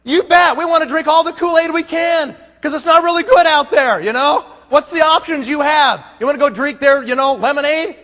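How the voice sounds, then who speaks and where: A man's voice: very high-pitched, brisk, few pauses, a bit bright. Emphatic man speaking in an echoing hall. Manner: emphatic, rhetorical questions to the crowd. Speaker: conference speaker. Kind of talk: motivational conference talk. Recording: long hall reverb.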